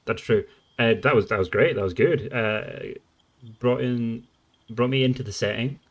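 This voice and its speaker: A man's voice: mid-range voice, moderate pace. A man playing in a tabletop game, talking hesitantly with repeats and fillers. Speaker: player. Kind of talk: casual tabletop game chat.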